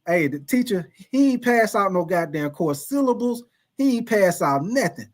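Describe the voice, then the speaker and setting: A man's voice: high voice, normal speed. A man hosting a livestream, casually telling a profane story to his chat, laughing often and calling out viewers by name. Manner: animated, laughing, profane, calls out chat names. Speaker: livestream host.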